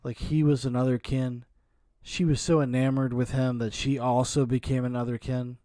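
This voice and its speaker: A man's voice: medium pitch, flat delivery, normal speed, mellow, dry recording, studio quality. A male podcast host riffing crudely and sarcastically while reacting to a documentary. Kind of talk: commentary on a documentary.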